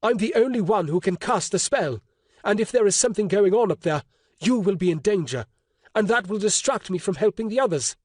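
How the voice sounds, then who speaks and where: Gruff male sorcerer giving orders, a bit higher than the narrator's own voice, as he reads him. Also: expressive, fairly quick, a little mellow, no echo, clean studio sound. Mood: earnest. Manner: commanding.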